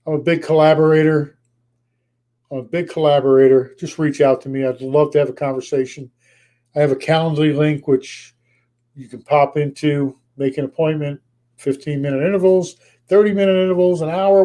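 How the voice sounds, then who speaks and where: A man with a slightly high, warm voice runs a motivational real estate sales coaching session. He's emphatic and keeps repeating his key points as his voice grows tired.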